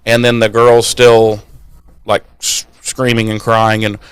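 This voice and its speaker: A man's voice: on the low side, slow pace, smooth, dry recording. A man co-hosting a podcast, recapping an episode in casual, profane chat and acting out the characters' lines. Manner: animated storytelling, swears freely, acts out lines. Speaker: podcast co-host.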